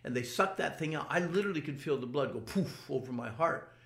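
Gravelly older man telling his story. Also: on the high side, expressive, fairly quick, a bit bright, reverberant. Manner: earnest storytelling with repeated restarts. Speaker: interviewee. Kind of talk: personal testimony.

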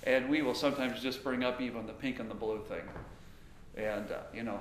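A middle-aged man giving a conversational sermon on marriage, lively and acting out bits of dialogue. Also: medium pitch, fairly quick. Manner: animated, acts out quoted dialogue. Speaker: pastor teaching on marriage. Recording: roomy with faint ambient noise.

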